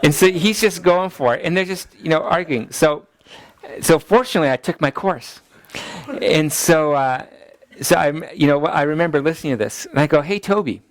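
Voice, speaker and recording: A middle-aged man, a pastor, teaching a class in a relaxed, chatty way and laughing at his own family stories. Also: on the high side, moderate pace, no echo. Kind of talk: teaching lecture with family anecdotes.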